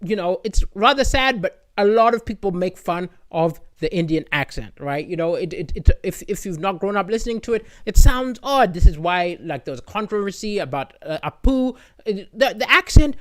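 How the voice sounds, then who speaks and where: Brief: high-pitched male stand-up on a live stream, chatty storyteller who rises to excited emphasis. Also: normal speed. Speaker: comedian hosting a live stream. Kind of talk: stand-up comedy answering viewer comments. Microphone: streaming microphone with adjustable levels.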